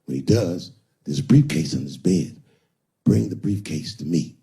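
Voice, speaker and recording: A man doing a low, cold scheming pimp. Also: expressive, moderate pace, dark tone. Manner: low, smooth and commanding.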